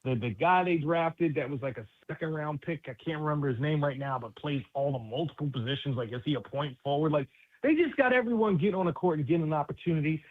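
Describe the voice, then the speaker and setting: A fast-talking New York City man with a fairly high voice appears as a basketball analyst guest on sports radio. He chats casually and animatedly, using street slang, over a tinny phone line.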